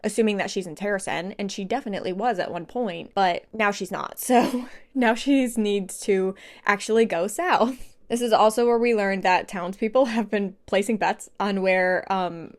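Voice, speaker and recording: A woman in her twenties giving a casual, animated plot recap as a book vlogger, laughing to herself at times. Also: mid-range voice, normal speed. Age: 20s.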